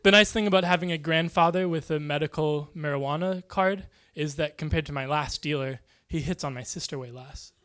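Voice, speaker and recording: A man doing stand-up comedy, delivering deadpan one-liners in a dry, soft-spoken way. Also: on the high side, brisk, few pauses, smooth.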